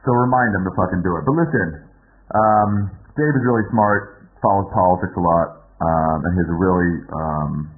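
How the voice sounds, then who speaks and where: A man's voice: sits low, normal speed, phone-quality sound. A man hosting a podcast, giving a rambling, joking introduction with a fair amount of swearing. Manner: rambling, profane and self-mocking. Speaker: podcast host.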